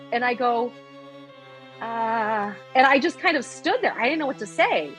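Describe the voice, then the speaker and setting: A woman hosting a casual conversation, telling stories in an animated way and laughing often. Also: on the high side, normal speed, soft background music. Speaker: host.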